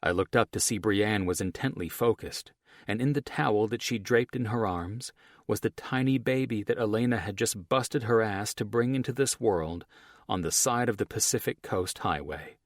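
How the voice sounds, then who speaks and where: A male audiobook narrator reading in first person with a wry, profane, lively storytelling manner. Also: on the low side, moderate pace, no room sound, studio quality.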